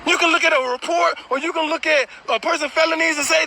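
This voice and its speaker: A man telling his own story in a blunt, animated way, swearing freely. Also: very high-pitched, brisk, vocal fry, low-quality recording. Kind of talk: casual storytelling.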